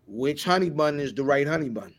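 A man's voice: fairly high pitch, expressive, brisk. A man hosting a casual group chat, joking and leading the questions with some stammering.

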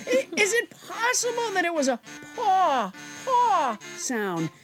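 A woman's voice: very high-pitched, slow, loud music behind the voice, pitched above the performer's own voice, exaggerated voice. A woman playing a pedantic officer who keeps calling someone ma'am. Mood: deadpan. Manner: deadpan, pedantic.

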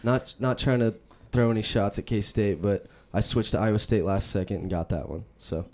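A man's voice: lowish voice, fairly even intonation, normal speed, a little mellow. A man co-hosting a casual sports podcast, arguing his points eagerly. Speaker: podcast co-host.

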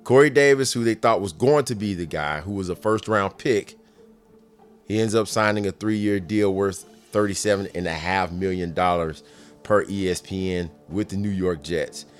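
Low-voiced man riffing on sports news. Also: normal speed, faint music behind. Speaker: sports commentator. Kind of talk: casual sports commentary.

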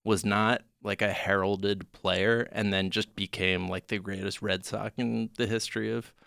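A man's voice: lowish voice, little pitch movement, a little slow, vocal fry, fairly bright tone, clean tone, no echo, studio quality. A man hosting a comedy podcast, explaining things in a jokey, rambling way with plenty of "uh"s. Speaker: podcast host. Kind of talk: casual comedic chat.

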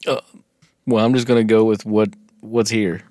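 A man co-hosting a casual podcast, reading from notes with halting restarts and cracking jokes. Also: lowish voice, little pitch movement, darkish tone, dry recording. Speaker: podcast co-host. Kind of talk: casual conversational podcast chat.

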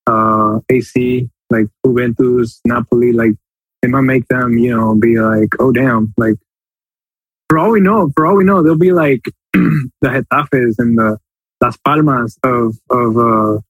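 Rambling husky-voiced male podcast co-host. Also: mid-range voice, fairly even intonation, dry recording, low-quality recording. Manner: rambling, loose, quick to laugh. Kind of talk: casual soccer podcast chat.

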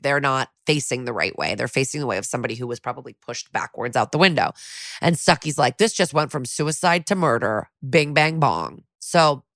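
A woman's voice: low voice, fairly bright tone, dry recording, clean studio sound. A woman co-hosting a podcast, casually recapping an episode and quoting the characters in passing. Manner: chatty, quotes characters in a few put-on voices. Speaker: podcast co-host.

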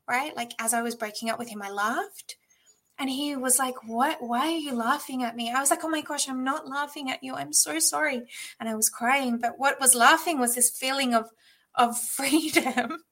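A fairly high-voiced woman in her thirties tells a personal story. She talks in a reflective, earnest way and fills her sentences with "like". It is an interview setting. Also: fairly bright tone. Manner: reflective, earnest, many "like" fillers. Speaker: guest, intuitive channel.

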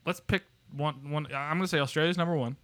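A man co-hosting a podcast in loud, profane, casual banter, laughing often. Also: fairly high pitch, fairly even intonation, fast. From United States. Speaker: podcast co-host.

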